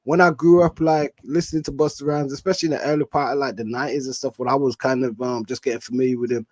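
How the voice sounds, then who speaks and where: A man from the UK co-hosting a casual chat, reflective and unhurried, trailing off with fillers. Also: mid-range voice, fairly even intonation, darkish tone, no echo. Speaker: podcast co-host.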